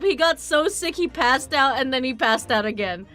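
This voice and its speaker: A woman's voice: high-pitched, animated, moderate pace, fairly bright tone, faint music behind. A woman streaming a game, reacting with giggly, incredulous commentary.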